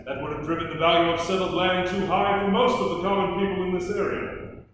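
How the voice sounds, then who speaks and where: An actor playing a wry, folksy colonial lawyer cross-examining witnesses in a live courtroom reenactment, with dry, teasing questions. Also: male voice, high-pitched, flat delivery, brisk, fairly bright tone, a little hiss or hum. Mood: sly. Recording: echoey hall, distant mic.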